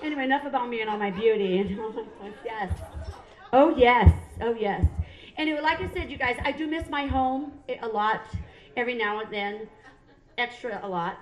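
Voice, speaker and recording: A brassy middle-aged woman from Hawaii doing stand-up, self-mocking and chatty, with a high voice. Her stage mic rings through a roomy club. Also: moderate pace, muffled recording. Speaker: stand-up comedian. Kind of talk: stand-up comedy.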